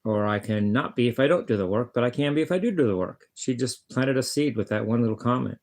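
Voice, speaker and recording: Talking quickly to the camera in a darkish, mid-range voice, the guitarist vlogger rambles bluntly and swears often. He keeps stumbling, repeating words and starting his sentences over.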